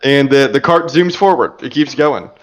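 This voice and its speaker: A man's voice: medium pitch, normal speed. A man running a tabletop game as game master, narrating with frequent fillers and laughs. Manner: laughs often, relaxed filler-heavy narration.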